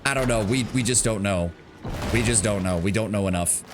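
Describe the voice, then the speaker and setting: A man's voice: on the low side, brisk. A man streaming a game live, rambling casually to himself and his viewers and swearing now and then. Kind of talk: casual live gameplay commentary. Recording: loud game music behind the voice.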